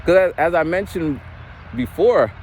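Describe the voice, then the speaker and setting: A man's voice: fairly high pitch, lively intonation, measured pace, darkish tone, a little hiss or hum. A man in his forties rambling casually while walking outdoors, loose and unpolished, swearing now and then. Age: 40s. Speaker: vlogger.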